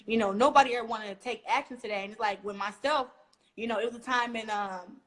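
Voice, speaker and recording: A lively young woman from Flint, Michigan, USA, appears as a guest boxer in a casual interview. Her fairly high voice moves fast as she tells stories animatedly, acting out quotes.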